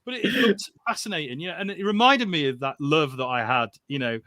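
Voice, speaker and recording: A man's voice: fairly high pitch, fast, a crowd in the background. A man hosting a casual interview, talking with earnest enthusiasm and getting openly emotional about the subject. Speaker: podcast host.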